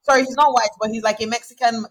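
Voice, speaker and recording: A woman's voice: on the high side, fairly even intonation, fast talker, slight background noise, low-quality recording. A woman co-hosting a podcast, chatting casually with many fillers. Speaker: podcast co-host. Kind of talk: casual chat.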